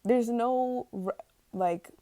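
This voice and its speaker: A woman's voice: fairly high pitch, very slow, dark tone, dry recording. A young woman ranting casually to camera, rambling and exasperated, stumbling over words and laughing at herself. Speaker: vlogger.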